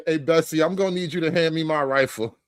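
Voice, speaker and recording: A man slips into a drawling rural fellow who keeps hollering for his gun, mocking and amused. The voice sits a touch high and is recorded dry and close. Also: smooth, no room sound, natural voice. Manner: mocking, drawling, laughing between calls.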